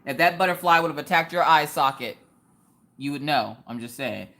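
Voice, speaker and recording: A woman's voice: deep voice, animated, normal speed, fairly bright tone. A woman hosting a casual craft live stream, joking around and answering viewers in the chat by name.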